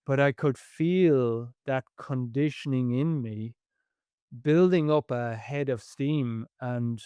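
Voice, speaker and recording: A man's voice: medium pitch, takes it slowly, dark tone, clear, resonant tone, dry recording. Earnest man co-hosting a podcast. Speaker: podcast co-host. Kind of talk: reflective podcast talk.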